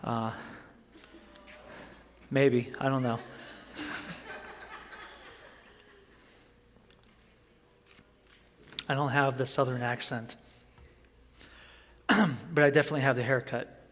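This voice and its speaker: A man's voice: medium pitch, very animated, very slow, long pauses, a bit bright, a little hiss or hum. A man preaching a sermon in an earnest, conversational way that builds to emphatic points. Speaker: pastor. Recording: long hall reverb.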